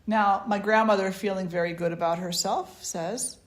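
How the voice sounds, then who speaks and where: A woman's voice: fairly low pitch, fairly quick, few pauses. A woman spiritual teacher telling a personal story at a gathering, in a conversational way with many restarts and asides. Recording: echoey room.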